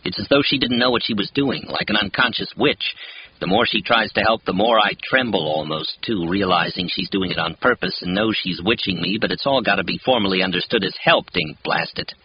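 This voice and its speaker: Male audiobook narrator, lowish voice, first-person novel, expressive, lo-fi recording. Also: husky. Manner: measured, expressive reading. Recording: dull, lo-fi with faint hiss.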